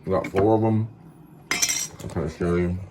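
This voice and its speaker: A man with a very low voice chats in a loose, rambling way, leaning on filler words as he eats on camera at home. Faint noise sits under his voice. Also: fairly even intonation, moderate pace. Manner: rambling, easygoing, many "like" fillers; talks while eating. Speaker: vlog host. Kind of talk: casual cooking and pet vlog.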